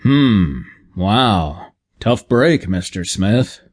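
A gruff, middle-aged station manager with an air of administrative authority, wary and blunt, as an audiobook narrator puts him on. His voice sits a little low, and he speaks in short, dry, businesslike lines. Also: lively intonation, drawn-out words, heavily acted. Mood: wry. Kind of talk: audiobook character voice.

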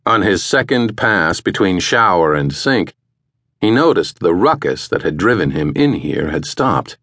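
Deep-voiced male audiobook narrator. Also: very animated, a little slow, a bit bright, no room sound, clean studio sound. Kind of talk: scripted narration.

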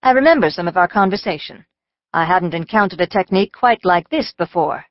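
A woman's voice: lowish voice, animated, fairly quick. A woman narrating an audiobook in the first person, with a wry, dry-humored delivery. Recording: slightly dull dry studio audio.

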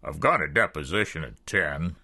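A man's voice: extremely low pitch, animated, normal speed, pushed and bright, breathy edge, pitched below the performer's own voice, full character voice. A man voicing a busy attorney who speaks in a businesslike, matter-of-fact way.

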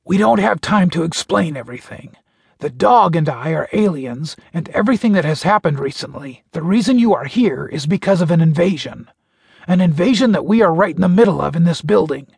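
A man's voice: a little high, animated, fairly quick, creaky, slightly rough, dry recording, pitched above the performer's own voice, exaggerated voice. A male audiobook narrator voicing a stern alien soldier who gives clipped, commanding orders, recorded in a dry booth. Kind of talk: audiobook character voice.

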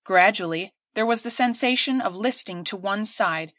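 A woman's voice: mid-range voice, normal speed, fairly bright tone, no room sound. Woman narrating an audiobook, dry close sound. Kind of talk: scripted narration.

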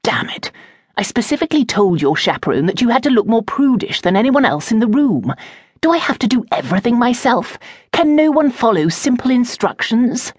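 Lady doing a cranky posh dad, a viscount, slightly low and breathy, dry close mic. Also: big pitch swings, normal speed, no room sound. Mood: exasperated. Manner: exasperated, imperious and fussy. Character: irritable, prudish aristocratic father, middle-aged viscount. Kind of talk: audiobook character voice.

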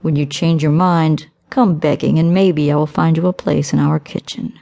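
A woman voicing a smug, manipulative young man who speaks in a suave, low, smooth voice. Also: fairly even intonation, normal speed, dark tone, highs cut off. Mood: smooth coaxing.

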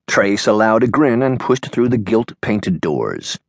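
Low-voiced male audiobook narrator. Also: sing-song, unhurried, creaky, no room sound, studio quality. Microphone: studio microphone.

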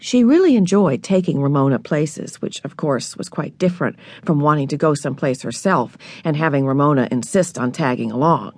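A woman narrating a children's audiobook in a scripted, expressive storytelling manner, recorded in a studio. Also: deep voice, fairly quick, few pauses, no echo.

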